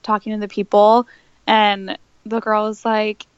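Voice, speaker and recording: A woman's voice: medium pitch, little pitch movement, measured pace, clean tone, no echo. Giggly woman guest on dull dry audio. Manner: giggly, easygoing. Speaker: podcast guest. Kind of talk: casual chat.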